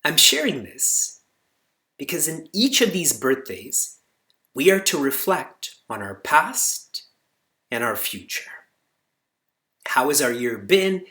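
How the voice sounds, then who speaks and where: Slow, bright-voiced male spiritual teacher. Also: on the high side. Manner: animated, voice climbs sharply on key words; recites Sanskrit slowly and deliberately. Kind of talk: spiritual discourse to students.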